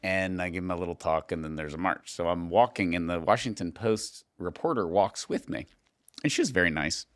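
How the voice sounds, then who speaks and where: A man hosting a podcast, telling stories in a casual, animated way and laughing often. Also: low voice, fairly quick. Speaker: podcast host. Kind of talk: casual conversation.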